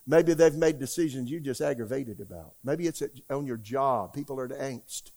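A man's voice: mid-range voice, normal speed, mellow. An older man, preaching a sermon in a folksy, emphatic way and asking the congregation questions. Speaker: pastor.

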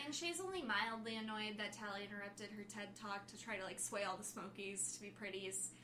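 A woman's voice: mid-range voice, brisk, sharp tone, a little hiss or hum. A young woman co-hosting a casual book podcast, playful and full of joking asides. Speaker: podcast co-host. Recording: echoey room.

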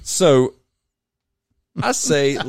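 A man telling a long story on a podcast in a casual, animated way, acting out other people's voices. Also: fairly high pitch, extremely slow, vocal fry, clean tone, no echo, clean studio sound. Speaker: podcast guest.

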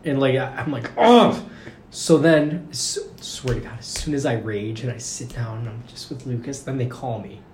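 A young man chatting casually, his story spilling out in a rambling stream full of "like"s. He talks at a middling pitch. The recording sounds roomy, with a faint hiss underneath. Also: fairly even intonation, normal speed, few pauses, a little mellow. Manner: rambling, says "like" constantly. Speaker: podcast guest recounting a story. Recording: roomy room with faint noise.

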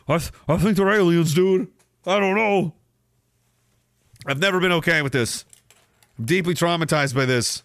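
A man's voice: on the high side, normal speed, pauses often, a bit bright, dry recording. A man hosting a podcast, ranting comically and profanely while reading chat, often slipping into mocking voices. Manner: profane, mocking, slips into silly put-on voices. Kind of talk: ranting comedic monologue.

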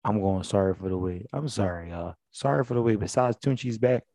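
Laid-back young man, low and mellow. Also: fairly quick, no room sound, clean studio sound. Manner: laid-back, slangy, drops to mumbles. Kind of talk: casual chat.

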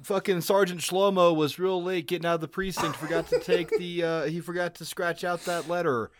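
A man co-hosting a podcast in excitable, joking casual chat, swearing often. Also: sits high, brisk, background noise. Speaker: podcast co-host.

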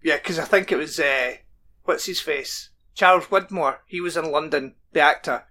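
A man's voice: fairly high pitch, moderate pace, pushed and bright. A man co-hosting a casual podcast, chatting about a TV show and reading plot summaries aloud. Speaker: podcast co-host. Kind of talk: casual chat.

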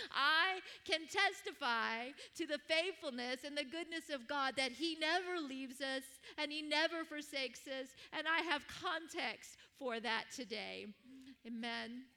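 Woman preacher, 50s, high bright voice, sermon storytelling. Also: takes it slowly. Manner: warm storytelling with laughs and prayer.

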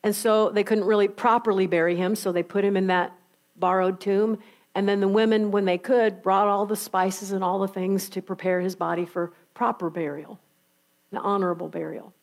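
A woman's voice: mid-range voice, fairly even intonation, normal speed. A woman preacher retelling scripture in a conversational, emphatic storytelling sermon.

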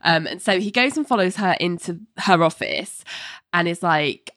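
A woman's voice: lowish voice, normal speed, fairly bright tone, no echo, studio quality. A woman recapping a TV episode in casual chat, sarcastic and full of "like" fillers. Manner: chatty, sarcastic, frequent "like" fillers, acts out quotes. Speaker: podcast co-host recapping a TV episode.

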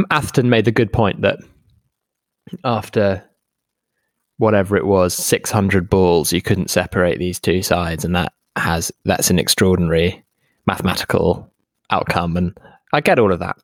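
A young man co-hosting a podcast from home, talking in a halting way with many restarts and easy laughter. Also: low-pitched, no room sound, clean studio sound. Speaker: podcast co-host. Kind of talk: casual chat. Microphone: home microphone.

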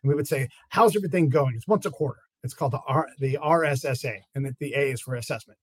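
A man's voice: mid-range voice, fast talker, slightly rough, no echo. A man, a guest on an interview show, casually telling stories of his work in Afghanistan and acting out what people said. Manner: animated storyteller acting out quotes. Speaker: guest, former intelligence officer in Afghanistan.

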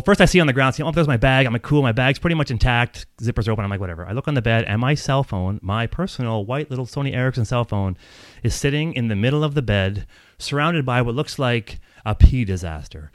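Speaking fast in a mid-range voice, a man rambles animatedly through a long personal anecdote, swearing frequently and laughing as he talks. The recording is dry.

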